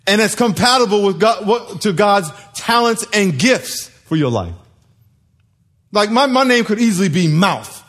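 A man's voice: high-pitched, expressive, unhurried, a bit bright. A man preaching a sermon to a congregation, telling stories, acting out voices and laughing. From United States.

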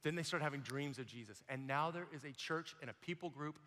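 A young man preaching a sermon, telling a personal testimony with animated storytelling, acting out voices and shouting at the high points. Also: a little fast, long reverb tail, a little hiss or hum.

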